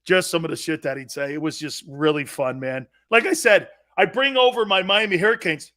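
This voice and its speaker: A middle-aged man hosting a sports talk show, telling stories loudly and laughing often. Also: fairly high pitch, a little fast. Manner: loud, laughing, impersonates family in quotes. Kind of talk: animated sports talk storytelling.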